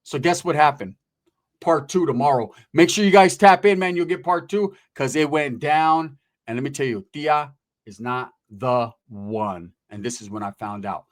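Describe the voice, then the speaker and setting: A man tells a story in a loose, animated way, swearing freely and using street slang. His voice sits a bit high for a man, and he speeds up as he gets into the story. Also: moderate pace. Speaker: storyteller guest. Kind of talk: casual storytelling.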